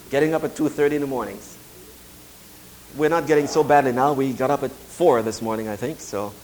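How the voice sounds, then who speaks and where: A middle-aged pastor preaching a sermon, moving from quiet, confiding storytelling to slow, emphatic declarations. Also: male voice, mid-range voice, poor audio.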